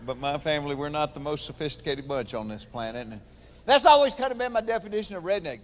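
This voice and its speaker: A Georgia man with a Southern accent performs a folksy stand-up routine before an audience on a large theater stage, telling stories and doing voices. His voice is on the high side, sing-song and fast, with large-hall acoustics and a little hiss or hum.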